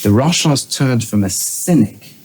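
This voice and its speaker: Animated middle-aged rabbi teaching. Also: male voice, unhurried, a little hiss or hum. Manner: animated, swinging between high emphatic bursts and low quiet asides; weaves in Hebrew terms and quotes, then translates them. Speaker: rabbi and educator. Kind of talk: teaching lecture.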